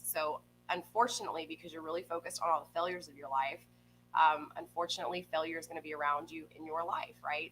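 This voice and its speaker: Tarot reader, woman, chatty with viewers, low-set voice with a bright edge. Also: a little hiss or hum, poor audio. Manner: chatty, keeps checking in with "okay?" and "right?". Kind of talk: live tarot reading to viewers. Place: home room with a pet nearby. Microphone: desk microphone.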